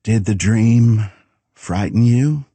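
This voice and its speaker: A man voicing a calm, faceless shadow man with a soft, accented voice that soothes quietly. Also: lowish voice, slow pace, slightly rough, no echo, pitched above the performer's own voice, exaggerated voice. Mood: soothing.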